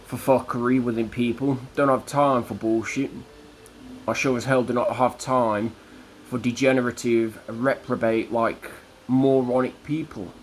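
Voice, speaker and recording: Man, mid-pitched, slow and deliberate, combative vlog rant, faint ambient hiss. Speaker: vlogger. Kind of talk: defiant religious rant to camera.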